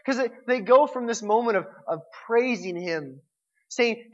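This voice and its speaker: A man in his forties preaching a sermon, telling stories in an animated way and often restarting his words. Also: very high-pitched, unhurried, dull audio. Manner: animated storytelling with repeated restarts. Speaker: pastor.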